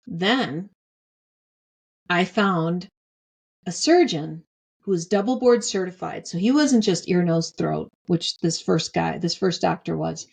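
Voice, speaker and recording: A woman's voice: fairly low pitch, gravelly, breathy edge. A middle-aged woman hosting a podcast, candidly telling a personal story and repeating phrases for emphasis. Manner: candid and heartfelt. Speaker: podcast host.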